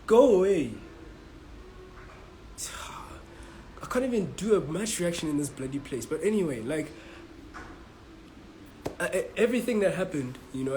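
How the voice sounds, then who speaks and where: A man's voice: on the high side, a little mellow, a little hiss or hum, low-quality recording. A man from South Africa giving a frustrated, swearing match reaction as a football fan vlogger, stumbling and repeating himself. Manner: frustrated, swearing, repetitive restarts.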